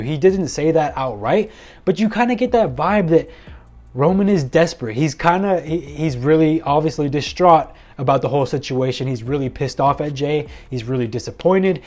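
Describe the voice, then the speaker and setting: A man's voice: a little high, moderate pace, darkish tone. A man giving a loose, rambling solo recap of a wrestling episode from his notes, with many fillers and self-corrections. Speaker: wrestling show reviewer.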